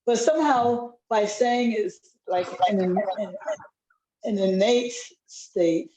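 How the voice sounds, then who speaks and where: Slow, thoughtful woman. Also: mid-range voice, background noise. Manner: halting, thoughtful, many restarts. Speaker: participant sharing a reflection. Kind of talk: reflective group discussion. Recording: roomy echo.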